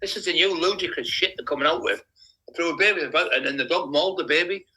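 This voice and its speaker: Man, bright sharp voice, fairly high, blunt, swearing, live stream chat. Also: fast, low-quality recording.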